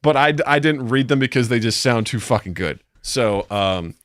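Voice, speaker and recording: A man's voice: medium pitch, animated, normal speed, dry recording, clean studio sound. A man co-hosting a casual podcast, rambling loosely, with lots of fillers and cursing. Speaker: podcast co-host.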